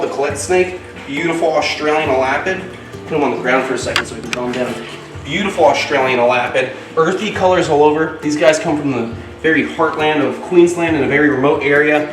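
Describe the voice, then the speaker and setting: Man, reptile keeper vlog host, casual narration, excited high cooing at snakes, roomy room, music behind. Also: distant mic.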